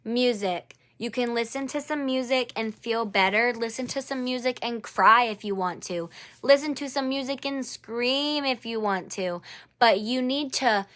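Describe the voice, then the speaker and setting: A woman's voice: fairly high pitch, a little slow, fairly bright tone. A woman doing a live-streamed angel card reading. She speaks to one viewer by name, encourages her, and repeats her phrases.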